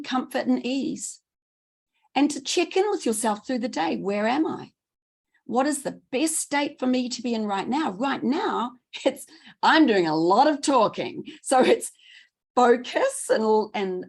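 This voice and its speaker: Animated, enthusiastic woman trainer presenting. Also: on the high side, creaky. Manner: enthusiastic, fast, repeats words for emphasis. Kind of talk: presentation talk.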